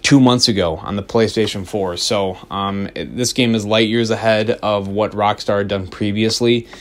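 Low-ish guy on a podcast, rambly and hyped, swears a lot, trips over his words. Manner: rambling and excited, swears freely, frequent restarts. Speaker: podcast co-host reviewing a video game. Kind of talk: casual podcast chat.

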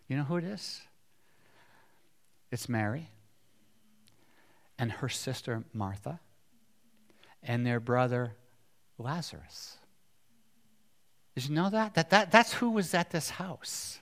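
A man's voice: medium pitch, lively intonation, slow pace, pauses often. Man preaching a conversational sermon. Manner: conversational, asks the congregation questions, swings from loud to hushed.

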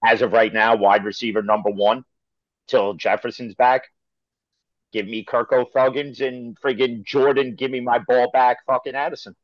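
A man's voice: mid-range voice, level tone, moderate pace, no echo. A man co-hosting a casual sports podcast, talking bluntly with lots of swearing and telling stories. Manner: profane, blunt storyteller. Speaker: podcast co-host. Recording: dry, dull lo-fi audio.

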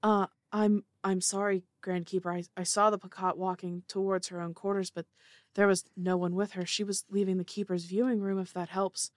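A woman's voice: mid-range voice, flat delivery, normal speed, dry recording, lightly acted. A woman voicing a flustered attendant who stammers hesitantly and apologetically.

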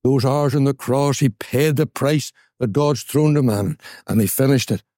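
A man with a Northern Irish accent preaching an evangelistic gospel sermon, earnest, repeating words and slowing on key phrases for emphasis. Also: mid-range voice, dark tone, dry recording, clean studio sound. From Northern Ireland. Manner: slows down and stresses key phrases.

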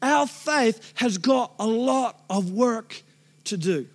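High-voiced animated male preacher. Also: takes it slowly. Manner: animated storytelling, acting out his own prayers; casual, conversational preaching. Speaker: pastor. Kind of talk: sermon.

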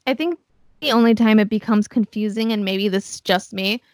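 A woman chatting casually on a podcast, relaxed and a little hesitant, with casual swearing. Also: mid-range voice, normal speed, dry recording, clean studio sound. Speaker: podcast guest. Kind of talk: casual chat.

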